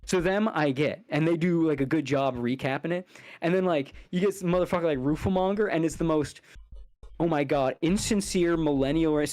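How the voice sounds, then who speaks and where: A man on a casual podcast, ranting in an angry, profane, heated way with sudden fast bursts. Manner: fast bursts and sudden loud jumps in pitch. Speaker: podcast co-host.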